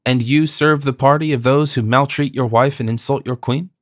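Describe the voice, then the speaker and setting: A man's voice: mid-range voice, steady tone, normal speed, dry recording, studio quality, natural voice. A man voicing an indignant young wife. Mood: scornful. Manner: scornful, pleading. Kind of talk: audiobook character voice.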